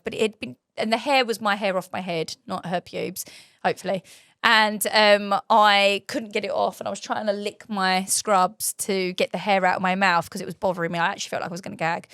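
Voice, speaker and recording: A woman, hosting a casual chat and telling stories with lots of giggling and lively energy. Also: mid-range voice, no echo, studio quality. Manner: giggly animated storytelling. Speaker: host and waxing trainer.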